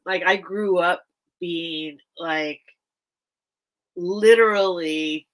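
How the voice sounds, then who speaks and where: A woman's voice: fairly low pitch, measured pace, long pauses, bright, forceful tone, low-quality recording. A woman hosting a live vintage sale stream, chatting casually and emotionally with her viewers while tearful. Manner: rambling and emotional, talks straight to her viewers. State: teary.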